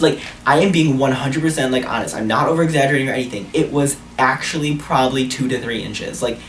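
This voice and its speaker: A man's voice: mid-range voice, fast talker, few pauses, roomy sound, far from the mic, a little hiss or hum. A young man vlogging a storytime, casual and blunt, swearing freely, recorded on a camera mic. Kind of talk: storytime vlog.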